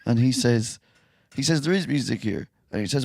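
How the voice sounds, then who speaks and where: A man's voice: mid-range voice, fairly quick, creaky, darkish tone, dry recording. A man co-hosting a podcast in casual chat, bantering and telling jokes. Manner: joking, banter, tells jokes. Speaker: podcast co-host.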